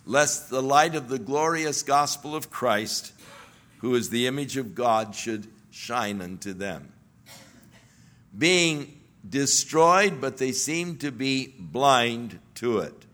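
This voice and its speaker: A man's voice: medium pitch, a bit bright. A male preacher delivering a sermon, earnest and emphatic, building to exclamations.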